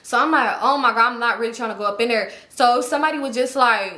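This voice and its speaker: A woman telling a story casually to her viewers, animated and profane, acting out the people she quotes. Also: on the high side, quick pace. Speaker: storytime YouTuber.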